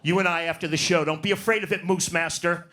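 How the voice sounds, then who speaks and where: A man's voice: a little high, fairly even intonation, fast, sharp tone. A man doing a profane, brash stand-up set in a comedy club, working the crowd. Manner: profane, brash, riffs on audience.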